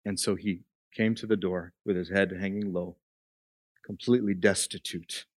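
A man's voice: sits low, steady tone, moderate pace, no echo. Man preaching a story with rising passion. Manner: builds from quiet storytelling to impassioned preaching. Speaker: pastor. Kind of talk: sermon.

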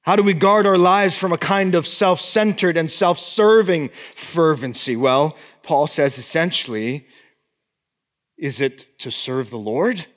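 High-voiced preacher in a reverberant hall. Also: male voice, unhurried. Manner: swings between fervent exhortation and hushed, intimate appeals. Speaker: pastor. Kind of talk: sermon.

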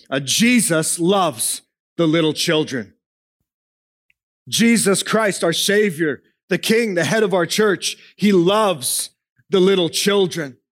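High-voiced man preaching a sermon. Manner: emphatic preaching, swinging between raised and hushed delivery; asks the congregation questions. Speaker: pastor.

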